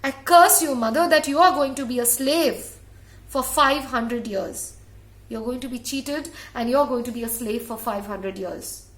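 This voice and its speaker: A furious half-formed baby boy with fire in his voice, as a woman storyteller puts him on, commanding and repetitive as he lays down a curse. The voice sits slightly high and moves slowly. It rings in an echoey room. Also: fairly bright tone. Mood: angry. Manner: angry, commanding, repeats itself.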